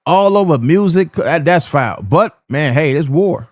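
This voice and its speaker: A man hosting a reaction channel, speaking a bit high for a man and recorded dry and close. He talks casually to his viewers, stammering and going back over his own words. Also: animated, unhurried, no room sound. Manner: stammering, repeats himself, talks straight to viewers.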